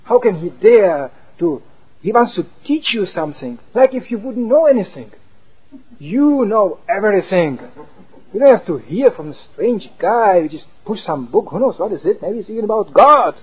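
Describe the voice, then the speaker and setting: A man voicing a proud, indignant male false ego, speaking slowly and with emphasis. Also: high-pitched, big pitch swings, breathy edge, pitched above the performer's own voice, full character voice. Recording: tinny phone-like sound.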